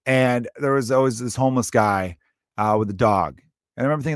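A man's voice: medium pitch, fairly quick, no echo, studio quality. A man in his thirties hosting a comedy podcast, telling a loose, profane, jokey story.

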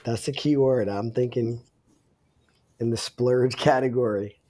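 A man, a chef guest on a podcast, talking in a relaxed, casual way, often repeating himself while he thinks. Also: mid-range voice, a little slow. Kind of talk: casual interview chat.

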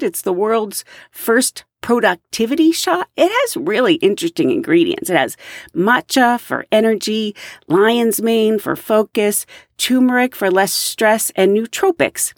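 A woman who lives in the American South, hosting a podcast and telling stories in a casual, animated way, acting out the people in them. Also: on the high side, no echo, studio quality. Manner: animated storyteller, acts out quoted voices. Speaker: podcast host, flight attendant.

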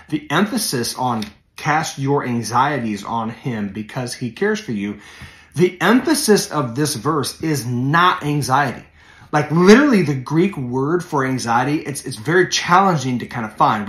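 A man's voice: mid-range voice, fairly bright tone. Conversational man in an echoey room. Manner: conversational, many fillers and self-corrections, leans in on key phrases. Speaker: podcast host and preacher. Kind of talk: casual devotional podcast talk.

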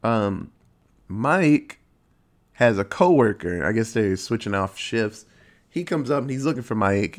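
Man casually recapping a movie. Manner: profane, animated storytelling with sudden pitch jumps. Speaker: movie reviewer.

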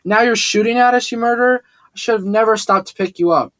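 A man's voice: sits high, quick pace, a bit bright, pitched above the performer's own voice. A man doing an angry young man, Xavier. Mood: furious.

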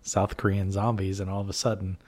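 Guy cohosting a podcast, kinda low voice, laid back, says um a lot. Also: brisk. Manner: relaxed and chatty, with many ums. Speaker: podcast co-host. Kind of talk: casual chat.

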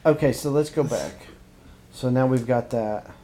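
A man co-hosting a casual podcast about upcoming movies, excitable, swinging from quiet asides to loud outbursts. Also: mid-range voice, unhurried. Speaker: podcast co-host.

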